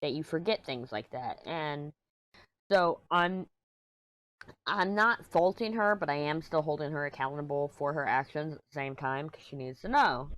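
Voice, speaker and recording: Low-voiced woman rambling, dry close sound. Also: moderate pace, a bit bright, dry recording. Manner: rambling and agitated, venting frustration. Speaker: crafting vlogger. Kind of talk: casual rambling chat. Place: small room at home, door closed.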